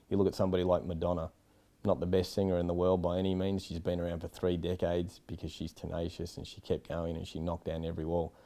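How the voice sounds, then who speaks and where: A man's voice: low-pitched, warm tone. An Australian man, a film director, giving frank, rambling interview answers with many asides. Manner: rambling, frank, lots of "you know".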